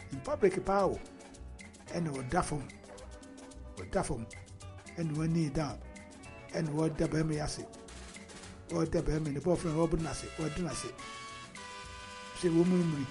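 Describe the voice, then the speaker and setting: A Ghanaian online commentator with a fairly high voice offers casual remarks on a video, moving between Twi and English. He speaks at a measured pace with frequent pauses, reading a news report aloud between comments, all over background music.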